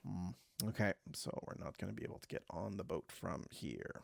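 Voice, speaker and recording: A man's voice: deep voice, normal speed, gravelly. A man hosting a casual let's play, chatting and reading game text aloud with a few self-corrections.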